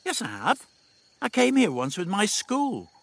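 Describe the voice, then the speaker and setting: A man's voice: sits high, wildly swooping pitch, unhurried, creaky, fairly bright tone, dry recording, voice pushed up, exaggerated voice. A man voicing a defiant, know-it-all teenage girl in an audiobook. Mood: scornful. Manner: cocky, scornful, know-it-all. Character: defiant cheeky teenage girl time traveller. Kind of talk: audiobook dialogue.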